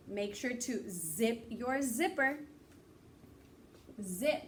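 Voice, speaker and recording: A woman's voice: on the high side, animated, far from the mic, slight background noise. Upbeat woman teaching young kids. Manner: slow, clear, encouraging teacher talk. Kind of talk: kindergarten phonics lesson.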